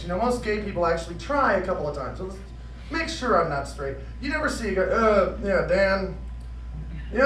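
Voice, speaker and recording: A man doing an animated stand-up comedy rant with exaggerated outbursts at an event. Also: sits high. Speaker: comedic performer. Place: convention event room. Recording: echoey room from far off, noisy.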